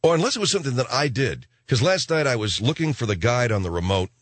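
Speaking fast in a medium pitch, a middle-aged man on late-night radio tells a tale that keeps wandering into asides. He's an animated storyteller who acts out the voices. He's in a radio studio, speaking into a studio microphone.

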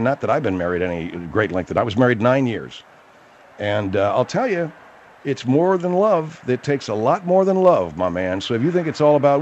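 A man's voice: medium pitch, a little mellow, dull audio, a little hiss or hum. Wry male talk radio host. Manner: wry, mocking, drawn-out asides.

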